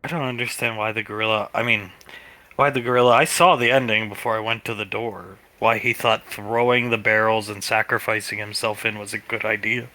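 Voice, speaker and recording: A man's voice: fairly low pitch, fairly even intonation, brisk, bright, forceful tone. A man running a live-streamed tabletop role-play as game master, wry as he narrates the characters' actions.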